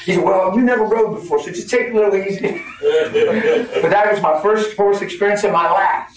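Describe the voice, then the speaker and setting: A man in his fifties preaching a sermon, folksy and animated, laughing as he tells stories. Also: high-pitched, fairly quick. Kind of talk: sermon with storytelling. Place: church hall. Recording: echoey hall from far off, crowd. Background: congregation.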